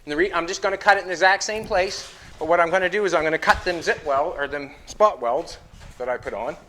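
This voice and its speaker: This Canadian show host, a metal fabricator, walks viewers through his metalwork step by step in a car workshop, chatting as he builds. His voice sits a little high, with a sharp tone and a quick pace, and there's slight noise in the background.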